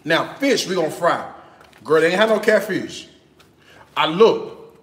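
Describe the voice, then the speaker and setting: Lively sassy guy, high voice, swoops all over the place. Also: a little slow, roomy sound, a little hiss or hum. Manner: animated, sassy and chatty, bursts of laughter. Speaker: cooking vlogger. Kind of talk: casual chat.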